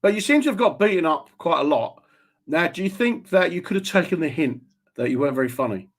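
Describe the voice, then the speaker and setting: A man's voice: fairly high pitch, expressive, fast. A British man hosting a radio talk show, asking teasing, jokey questions in casual conversation. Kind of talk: casual interview.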